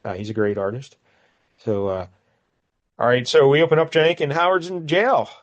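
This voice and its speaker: A man's voice: medium pitch, moderate pace, no echo, lo-fi sound. A man co-hosting a comic book podcast, casually retelling the story with frequent laughs and brief acted lines. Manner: rambling, laughs often, acts out characters' lines. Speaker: podcast co-host.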